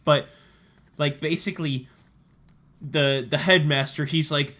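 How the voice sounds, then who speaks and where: A man co-hosting a podcast in casual chat, telling a story with excitement and frequent laughter. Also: on the high side, normal speed. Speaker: podcast co-host.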